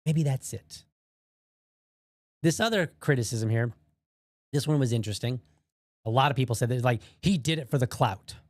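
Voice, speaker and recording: A man hosting an opinion podcast, arguing bluntly and with open heat and throwing in the odd curse. His voice sits at an ordinary middle pitch. The sound is dry and close, with no room echo. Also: lively intonation, normal speed, pauses often. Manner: blunt, heated, swears freely. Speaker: podcast host.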